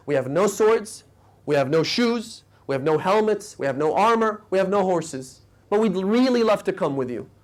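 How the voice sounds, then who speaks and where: Impassioned male preacher, higher voice. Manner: storytelling, rising to emotional peaks and dropping to hushed tones. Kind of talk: sermon lecture. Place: mosque lecture hall.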